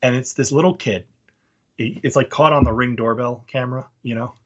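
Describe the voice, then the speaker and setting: A man's voice: mid-range voice, brisk, a bit bright, highs cut off. A man hosting a casual debate, making his points through stories and often checking in with "right?". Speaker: podcast host debating a guest.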